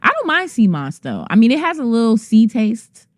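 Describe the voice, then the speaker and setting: A woman hosting an interview show, chatty and quick to affirm her guest. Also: on the high side, wildly swooping pitch, no room sound, clean studio sound. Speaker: interview host. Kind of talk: casual interview talk.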